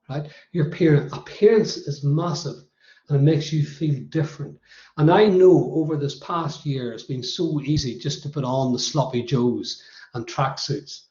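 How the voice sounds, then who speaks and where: A man's voice: medium pitch, warm tone. A man with a Northern Irish accent giving a motivational workshop talk, emphatically counting off his points one by one. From Northern Ireland. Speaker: workshop presenter. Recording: roomy, slightly dull recording.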